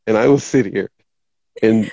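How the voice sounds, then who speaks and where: A man's voice: lowish voice, slow pace, vocal fry, a little mellow, slightly rough, no echo. A middle-aged man hosting a casual live show, joking about himself and stumbling over names. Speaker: show host. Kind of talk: casual live-stream chat. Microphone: home microphone.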